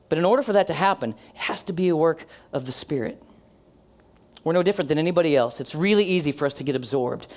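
A man preaching a sermon as pastor, earnest, slowing down and dropping his voice for emphasis, and leading the congregation in responses. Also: on the high side, a little mellow. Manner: leads the congregation in call-and-response.

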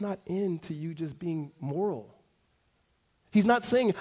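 A man in his thirties preaching a sermon to his congregation in a conversational way, dropping to a hush and then rising to emphatic points. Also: sits high, lively intonation, unhurried. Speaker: pastor.

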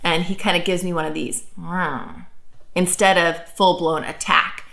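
A woman's voice: fairly low pitch, fairly even intonation, normal speed, vocal fry. Parenting podcast woman, chatty. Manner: warm conversational, acts out quoted parent lines. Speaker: co-host. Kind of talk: casual parenting advice chat.

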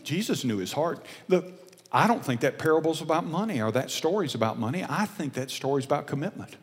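Older male pastor, animated sermon delivery, acts out voices, long hall reverb. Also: a little high, a little fast. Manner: animated, acts out dialogue, drops to whispers.

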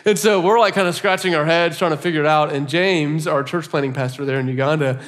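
A pastor preaching a sermon, telling a story in an animated way and laughing often. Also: male voice, fairly high pitch, quick pace.

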